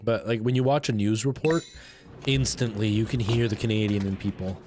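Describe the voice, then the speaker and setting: A man's voice: on the low side, fairly even intonation, brisk, over music. A man streaming a retro game, chatting casually and answering his viewers' comments.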